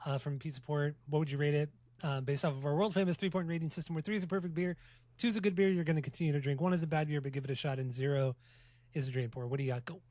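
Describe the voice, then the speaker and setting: Fast-talking joking male podcast host. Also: on the high side, a little mellow, no room sound. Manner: fast, joking, profane banter. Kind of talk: casual podcast chat.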